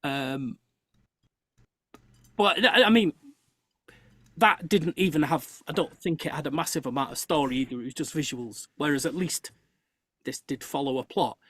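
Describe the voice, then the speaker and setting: A host chatting on a live show, telling an animated story full of halting restarts. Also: mid-range voice, no room sound. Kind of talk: casual chat on a live show.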